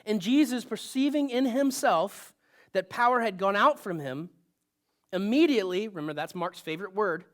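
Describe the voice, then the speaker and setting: A man's voice: high voice, normal speed. A male pastor giving a sermon in a conversational style, with asides and bursts of rising emphasis.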